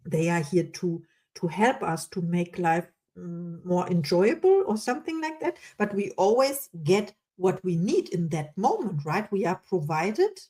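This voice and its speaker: A woman hosting a podcast interview, slightly low in pitch with a dark, mellow tone. She talks enthusiastically and heaps praise on her guest in a casual chat. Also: lively intonation, measured pace, few pauses. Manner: enthusiastic, warm and effusive with praise. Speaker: podcast host.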